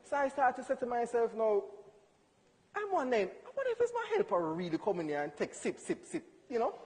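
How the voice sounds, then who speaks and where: A young man with a high voice tells a personal story to a church crowd. He swings his voice widely, acting out dialogue and laughing along. A long hall reverb trails his words. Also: sing-song, brisk, a little mellow. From Jamaica. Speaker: church speaker. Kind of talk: storytelling testimony.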